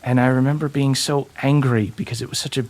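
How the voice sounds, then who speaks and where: A man voicing a cursed, ghostly mother who speaks tenderly and with regret, in slow, halting phrases full of restarts. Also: medium pitch, fairly even intonation, a little mellow, lightly acted. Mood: tender, regretful.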